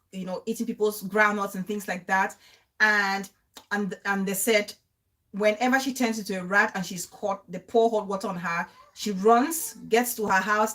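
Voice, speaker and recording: A woman's voice: mid-range voice, a bit bright. A young woman hosting a casual live-stream talk, chatting and repeating phrases for emphasis. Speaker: show host.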